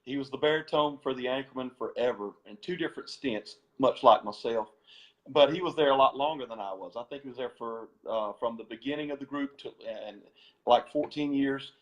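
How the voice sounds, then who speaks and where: A man's voice: medium pitch, a little fast, poor audio. A man, a former gospel singer, tells stories as a guest in an interview, laughing often and repeating words as he goes. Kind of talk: storytelling interview.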